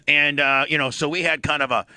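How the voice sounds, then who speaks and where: A man's voice: fairly high pitch, normal speed, bright, forceful tone, dry recording. A man hosting a morning radio show, talking in a brash, rambling way and cutting in often. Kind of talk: casual radio talk.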